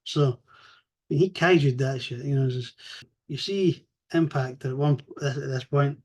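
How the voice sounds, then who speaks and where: A man recapping a comic story in a rambling, animated way, swearing freely and acting out the characters' lines. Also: medium pitch, normal speed. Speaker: comics reviewer.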